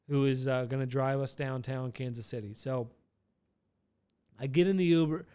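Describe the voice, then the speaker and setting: Smooth-voiced young man telling a story. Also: medium pitch, normal speed, long pauses. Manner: rambling and animated, with frequent restarts and swearing. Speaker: podcast host. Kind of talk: casual storytelling.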